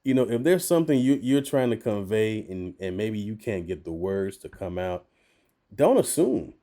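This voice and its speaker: Male voice actor guest, lively podcast storyteller who laughs easily. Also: lowish voice, moderate pace.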